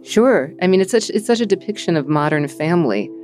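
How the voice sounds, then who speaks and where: A woman hosting a podcast, narrating the story and talking with her guest in a thoughtful, measured way. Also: lowish voice, expressive, darkish tone, soft background music. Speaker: podcast host. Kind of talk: host narration and conversation.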